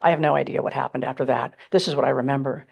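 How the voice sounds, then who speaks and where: A woman with a bass voice, husky and edged with vocal fry, gives a symposium talk on stage before a live audience as keynote speaker. She tells her own story candidly and dramatically in a steady tone, speaking rapid-fire. The audio is dull.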